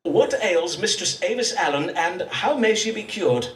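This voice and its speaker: An actor playing a self-important Elizabethan astrologer-doctor in a game, speaking in grand, archaic phrases. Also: male voice, high-pitched, lively intonation, moderate pace, roomy sound, distant mic. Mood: grandiloquent. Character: pompous Elizabethan astrologer-doctor, adult man.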